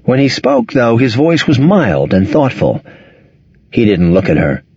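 Male audiobook narrator, measured and expressive, dry close sound, slightly dull. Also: mid-range voice, slightly rough, no echo. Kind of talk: scripted narration.

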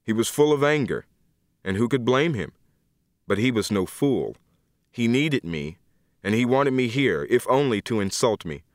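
A man reading a first-person story aloud in a measured, grave manner. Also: mid-range voice, very animated, no room sound, clean studio sound. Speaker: audiobook narrator. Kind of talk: scripted first-person narration.

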